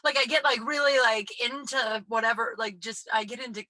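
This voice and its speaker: Breathy, winded woman in a closet. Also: on the high side, a little fast, pushed and bright, no echo, rough recording. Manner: chatty, full of "like" fillers. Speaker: podcast host. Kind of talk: casual rambling monologue. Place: small closet.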